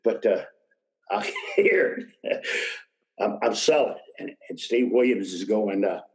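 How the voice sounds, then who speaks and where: An older man talks through his memories in a relaxed interview. His voice sits low, and he drifts from one story to the next, laughing softly mid-sentence. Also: takes it slowly, gravelly, rough recording. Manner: rambling anecdotes, chuckles mid-sentence. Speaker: guest, retired wrestler.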